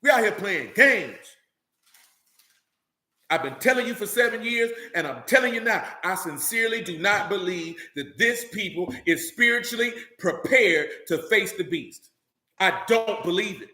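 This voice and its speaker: A man with a high, bright, forceful voice delivers a fiery street-style sermon, coarse and blunt. He repeats lines to drive each point home. The sound carries a roomy echo. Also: animated, moderate pace. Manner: preachy, blunt and profane, repeating lines for emphasis. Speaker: street preacher.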